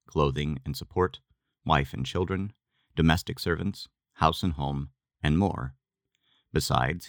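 A man giving a measured, deliberate scripted reading of a religious text. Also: very deep voice, fairly bright tone, no room sound, clean studio sound. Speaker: reader.

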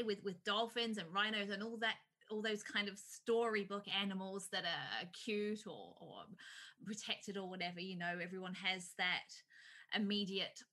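A woman's voice: mid-range voice, pushed and bright. A woman hosting an interview, reflective and hesitant, with many fillers. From New Zealand. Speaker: host. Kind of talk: conversational interview.

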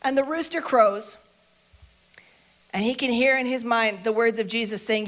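A woman's voice: on the high side, normal speed. A woman preacher retelling a Bible story in a casual, conversational sermon, repeating lines for emphasis.

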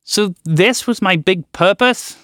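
A man voicing an angry, indignant male frog who shouts his complaints. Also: high-pitched, animated, a little slow, no echo, clean studio sound, pitched above the performer's own voice. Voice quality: shouting, exasperated.

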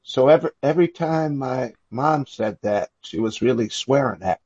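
A man co-hosting a casual podcast, dropping short deadpan remarks. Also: medium pitch, normal speed, slightly rough, no echo. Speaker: co-host. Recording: dull, dry lo-fi sound.

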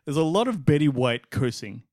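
A man co-hosting a casual podcast chat. He talks in an animated, rambling way, with frequent restarts and laughs. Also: medium pitch, fairly quick, dry recording, studio quality. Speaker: podcast co-host.

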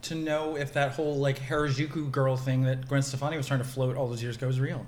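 A man co-hosting a casual podcast, teasing and theatrical, quick with jokes. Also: mid-range voice, little pitch movement, darkish tone. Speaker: podcast co-host. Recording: echoey room, faint noise.

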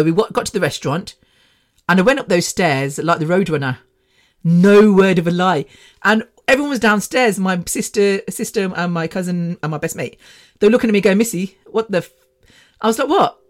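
This podcast host, a woman in her fifties, tells a casual story in a chatty, rambling manner, with plenty of laughter and an occasional swear word. Her voice sits on the low side, with lively intonation at a moderate pace.

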